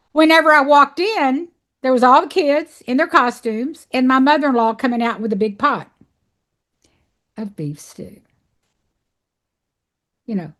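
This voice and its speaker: Brief: woman guest, fairly high voice, heartfelt personal storytelling, loose and rambling. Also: fairly bright tone. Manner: earnest, heartfelt, many fillers and restarts. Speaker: podcast guest, animal sanctuary founder.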